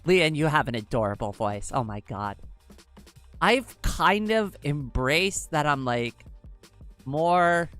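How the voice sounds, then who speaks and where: A woman's voice: sits low, expressive, takes it slowly, a bit bright, soft background music. Chatty androgynous-voiced woman streamer. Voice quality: androgynous-sounding voice. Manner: chatty, rambling, many fillers and restarts. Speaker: livestream host. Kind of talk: casual livestream chat, answering chat.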